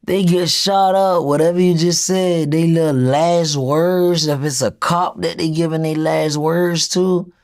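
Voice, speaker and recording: Male rapper guest, higher voice, slow and laid-back, street slang. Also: steady tone, darkish tone. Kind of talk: casual interview chat.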